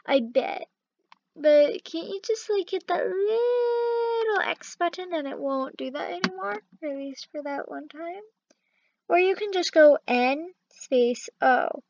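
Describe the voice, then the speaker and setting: A woman's voice: very high-pitched, expressive, takes it slowly, gravelly, a little mellow, dull audio, a little hiss or hum. A woman vlogger reading funny text messages aloud in casual commentary, giggling often as she talks. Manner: giggly, laughs often while talking.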